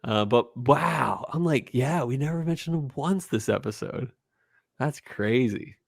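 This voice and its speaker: A man co-hosting a casual podcast, animated as he tells stories and acts out what people said. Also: mid-range voice, unhurried, gravelly, dry recording, clean studio sound. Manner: animated storyteller, quotes people in voices. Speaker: podcast co-host. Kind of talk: casual chat.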